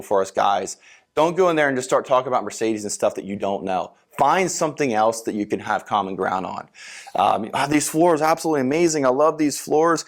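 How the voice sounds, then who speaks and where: Male sales coach giving a seminar, loose conversational delivery, average pitch. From Philadelphia. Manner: casual, conversational, fillers, acts out sales lines. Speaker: sales trainer. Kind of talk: seminar lecture.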